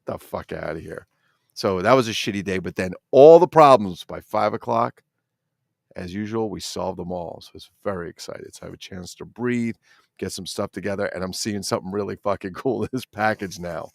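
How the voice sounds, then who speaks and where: A man's voice: lowish voice, a little fast, gravelly, no room sound, studio quality. A middle-aged man hosting a casual toy-collector livestream, rambling and swearing while he reads the chat.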